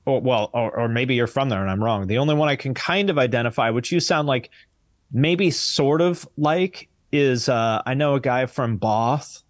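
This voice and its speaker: American man, podcast guest, mid-pitched, blunt, casual swearing, dry close sound. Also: normal speed, no echo. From United States. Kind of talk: casual chat.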